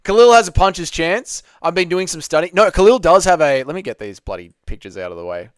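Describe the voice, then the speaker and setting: A man's voice: high voice, animated, a little fast, no room sound, clean studio sound. A young man hosting a casual live Q&A, reading chat messages aloud and bantering with viewers.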